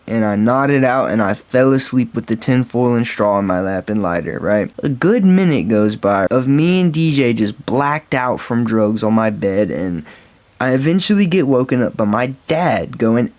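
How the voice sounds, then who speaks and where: A man telling a casual storytime vlog story, rambling and swearing freely and calling his viewers guys and bro. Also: medium pitch. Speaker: storytime vlogger.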